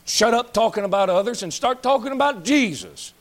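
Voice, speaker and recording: Blunt, scolding pastor. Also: male voice, high-pitched, lively intonation, a little fast. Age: 30s. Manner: blunt, scolding, folksy and joking. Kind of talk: fiery sermon.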